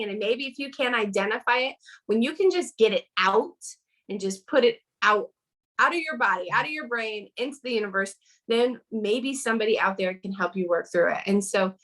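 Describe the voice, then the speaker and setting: A woman's voice: a little high, normal speed, a bit bright, rough recording. A woman speaking as a guest in a casual interview over a video call, earnest and chatty with lots of fillers.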